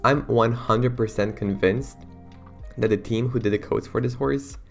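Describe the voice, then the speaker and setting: A young man giving excitable, slangy, rambling commentary on a video game as its YouTuber host. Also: medium pitch, normal speed, vocal fry, soft background music. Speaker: gaming YouTuber. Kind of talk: casual gameplay commentary.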